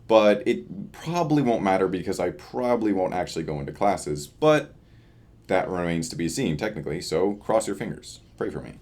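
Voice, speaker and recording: A tired young man chatting loosely in a casual video diary, with lots of fillers. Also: low-pitched. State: tired from lack of sleep. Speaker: vlogger. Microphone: camera facing him.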